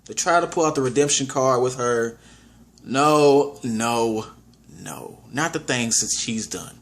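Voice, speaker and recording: A man giving a casual movie review, animated, often restarting his sentences and acting out his own reactions. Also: medium pitch, slow.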